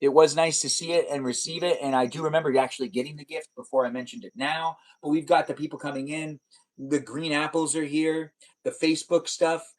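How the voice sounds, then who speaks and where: Man, live streamer, slightly high voice, rambling casual chat, reads comments aloud. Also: steady tone, brisk, rough recording. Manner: rambling and chatty, with repetitive phrasing.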